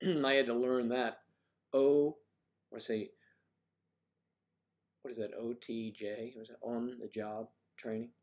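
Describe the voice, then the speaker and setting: A man's voice: mid-range voice, flat delivery, darkish tone. Rambling older man chatting on a livestream. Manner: rambling, chatty, thinking aloud with many pauses. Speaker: livestream host. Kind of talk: casual livestream chat.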